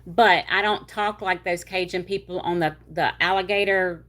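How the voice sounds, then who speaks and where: A woman's voice: on the low side, fairly even intonation, fairly bright tone. A woman from Louisiana with a North Louisiana Southern accent, hosting a livestream and chatting casually with viewers in a rambling way. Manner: chatty, rambling, with y'all and drawn-out words. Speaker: livestream host. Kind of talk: casual chat reading viewer comments.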